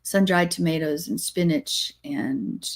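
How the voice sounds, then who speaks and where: Lady co-host, kinda low voice, teasing and easygoing. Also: slow pace, gravelly. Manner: teasing, relaxed. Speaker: guest co-host. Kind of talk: casual chat.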